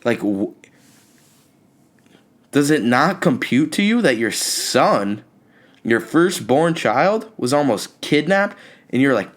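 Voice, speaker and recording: Young male podcast host, comic storyteller, exasperated ranting, middle-pitched voice, jumps up high when excited. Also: slow pace, long pauses. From California. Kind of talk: comedic storytelling monologue.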